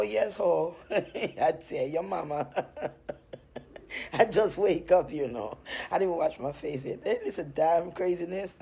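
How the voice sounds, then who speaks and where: Husky woman chatting on a phone live. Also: lowish voice. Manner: chatty, laughs often, animated storytelling. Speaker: cream seller on a live stream. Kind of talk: rambling casual live-stream chat. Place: at home, just out of bed. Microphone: phone on a live stream.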